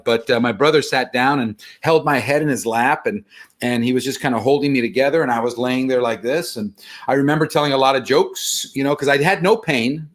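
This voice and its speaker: A man telling a personal story in casual conversation, animated and self-deprecating. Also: mid-range voice.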